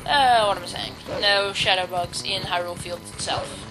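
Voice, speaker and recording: While playing a game, a woman gives rambling, self-deprecating let's play commentary in a lowish voice at normal speed. The recording is low quality, with game music underneath.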